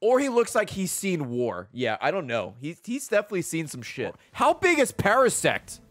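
Excitable, swearing male streamer. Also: sits high, no room sound, studio quality. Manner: excitable, profane, quick to laugh. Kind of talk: casual gaming stream commentary.

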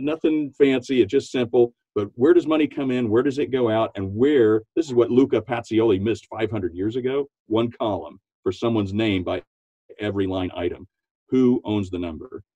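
This is a man talking business on a podcast with real enthusiasm, laughing easily and slipping into quoted voices. His voice sits low and mellow. The sound is dry and a little lo-fi, like a remote recording. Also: no room sound. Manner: animated, laughs often, acts out quotes in a high voice. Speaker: podcast guest, business coach. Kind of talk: enthusiastic interview talk.

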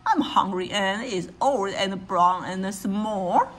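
A woman voicing a small, timid but clever female mouse with a squeaky voice, nervous and sweet-talking, for a storybook read-aloud. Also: takes it slowly, a bit bright, a little hiss or hum.

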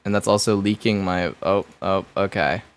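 A man's voice: sits low, steady tone, moderate pace, smooth. A young man streaming a game live, talking to himself in jumpy, nervous chatter and swearing often. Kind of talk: live gameplay commentary.

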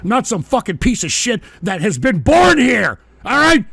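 A man rants on a live radio-style show in a high, wildly swinging voice that keeps breaking into shouts, mocking his chat with constant profanity. The recording is dry and close on the mic, with no room sound. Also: sing-song, moderate pace, creaky, few pauses, breathy edge, no room sound. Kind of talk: ranting live show monologue.

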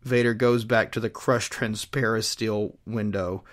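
Slow-talking man retelling a comic. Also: fairly low pitch, fairly even intonation. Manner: rambling, with many fillers and restarts. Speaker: host retelling a comic storyline. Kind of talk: casual chat.

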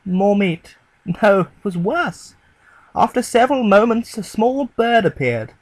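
A man narrating a horror story in a grim, measured storytelling delivery. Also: sits high, expressive, no room sound, poor audio. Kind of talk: dramatic horror story reading.

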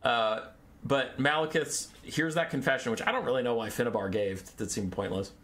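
A man's voice: medium pitch, moderate pace, fairly bright tone. A young man in a casual, exasperated lore rant, sarcastic and swearing often. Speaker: lore video creator.

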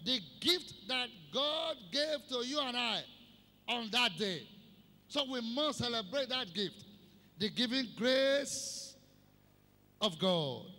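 A man preaching a Christmas sermon, slow and emphatic, repeating key phrases for the congregation. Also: extremely high pitch, bright, forceful tone. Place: church service hall. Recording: long hall reverb.

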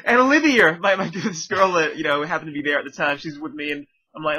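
A man telling a story in casual podcast chat, animated, jumping into other people's voices and sudden shouts. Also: on the high side, fast, highs cut off. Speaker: podcast co-host.

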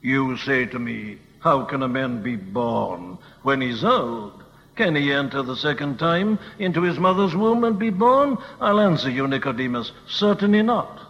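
A man's voice: medium pitch, animated, measured pace. A man voicing a firm religious teacher who emphatically rebukes and corrects a skeptic. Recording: old dull recording in a reverberant hall.

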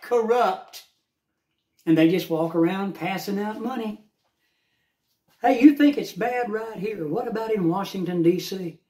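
A man's voice: high voice, roomy sound. An older man ranting to camera in a casual vlog, heated, repetitive and plain-spoken. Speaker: vlogger. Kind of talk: casual political rant to camera.

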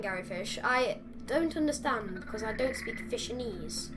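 A woman with a fairly high, expressive voice talks at a moderate pace with few pauses, background noise audible. Playing a game, she offers chatty, exasperated commentary and addresses the on-screen creatures.

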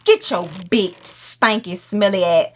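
A woman streamer giving loud, profane, excitable commentary while playing a game, shrieking when something startles her. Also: mid-range voice, takes it slowly, a little hiss or hum. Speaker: gaming streamer. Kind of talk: let's play commentary.

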